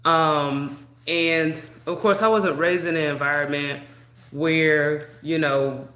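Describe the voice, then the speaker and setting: A young woman casually telling a personal story in a chatty, drawn-out way, peppered with "you know". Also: low-pitched, fairly even intonation, fairly bright tone. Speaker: vlogger. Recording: echoey room.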